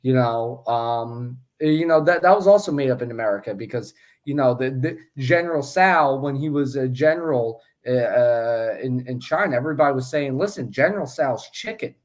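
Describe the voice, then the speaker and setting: A man's voice: mid-range voice, moderate pace. A man co-hosting a casual sports podcast, chatty and joking, with many fillers and restarts. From Philadelphia area. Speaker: podcast co-host.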